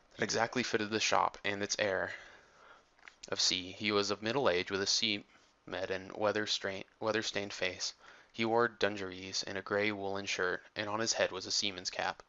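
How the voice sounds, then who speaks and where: A man reading an adventure audiobook in a measured, steady storytelling manner, on a dull lo-fi recording. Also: lowish voice, creaky. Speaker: audiobook narrator. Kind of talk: audiobook narration.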